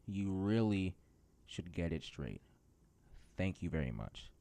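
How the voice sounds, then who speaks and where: A man's voice: deep voice, big pitch swings, takes it slowly, creaky, dark tone. A teenage guy hosting a solo podcast, ranting sarcastically about his job hunt. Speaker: podcast host.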